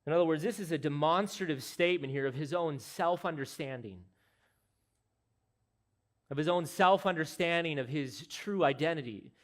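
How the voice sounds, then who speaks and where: A man's voice: a little high, moderate pace. A man preaching an expository sermon as pastor, speaking in an earnest, emphatic, explanatory way.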